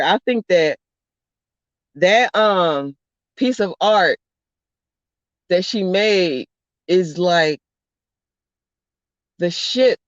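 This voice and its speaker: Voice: mid-range voice, slow pace, pauses often, dry recording. Blunt, profane spiritual vlogger, lo-fi sound. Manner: blunt, profane, rambling storyteller. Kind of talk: casual spiritual monologue. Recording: dull lo-fi dry recording.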